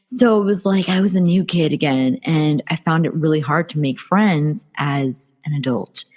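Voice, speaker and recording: Woman from new jersey, low voice, candid storyteller, podcast guest. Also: moderate pace, darkish tone. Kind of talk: casual interview.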